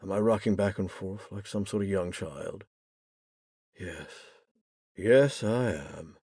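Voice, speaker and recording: A man's voice: low voice, takes it slowly, darkish tone, slightly rough, no room sound, studio quality. A young man narrating a first-person novel in a wry, bitter way. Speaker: audiobook narrator.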